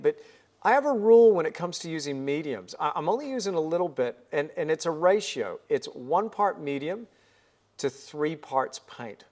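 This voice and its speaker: A man hosting a live painting stream, chatting in an upbeat way and thinking aloud as he works at the easel. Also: a little high. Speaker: painting livestream host. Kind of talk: live painting demonstration chat.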